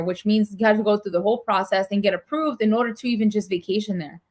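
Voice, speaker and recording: A woman's voice: medium pitch, fairly even intonation, fast, hardly any pauses. A woman co-hosting a casual talk podcast, chatty and prone to sarcastic asides. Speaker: podcast co-host. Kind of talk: casual chat.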